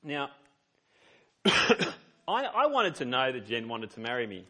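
A man's voice: medium pitch, huge pitch swings, takes it slowly, bright, forceful tone. A man preaching a sermon as a pastor, reading scripture and telling personal stories in an earnest, conversational way.

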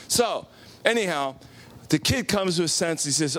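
A man's voice: a little high, moderate pace. A man preaching a casual Sunday-night sermon, telling a story with acted-out quotes and questions to the congregation. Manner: animated, acts out quotes, asks the congregation questions. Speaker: pastor. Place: church.

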